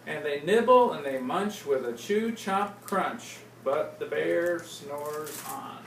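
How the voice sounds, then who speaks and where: A woman reads a picture book aloud to small children, taking her time and quizzing them about what comes next. Her voice sits on the low side and is unhurried. She is heard from a distance in a roomy space with noise beneath. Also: lively intonation, gravelly. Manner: slow, playful, asks the kids questions. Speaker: storyteller reading to children. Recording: roomy, distant, noisy home recording.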